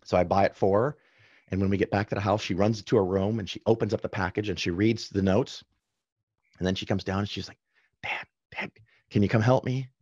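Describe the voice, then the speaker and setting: A man guest on a podcast, casually telling anecdotes with quick asides and self-corrections. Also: lowish voice, fairly even intonation, darkish tone, husky, dry recording, highs cut off. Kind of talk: casual storytelling in conversation.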